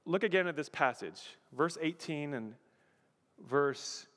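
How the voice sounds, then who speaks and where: Animated male pastor preaching in a reverberant hall. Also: a little high, slow pace. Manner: animated, acts out quotes, asks the audience questions. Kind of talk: sermon.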